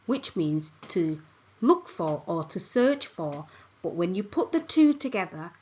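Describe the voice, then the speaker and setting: A woman's voice: lowish voice, animated, takes it slowly, long pauses, breathy edge, dull audio. A woman teaching a language lesson, carefully repeating words for the listener to copy. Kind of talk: slow spoken language lesson.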